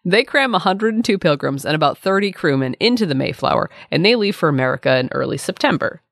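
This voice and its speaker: A woman with a low voice and a lively, swooping delivery narrates history for a comedy podcast. Her asides are sarcastic and deadpan. The recording is dry and close. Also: fast, vocal fry, no echo. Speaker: podcast co-host.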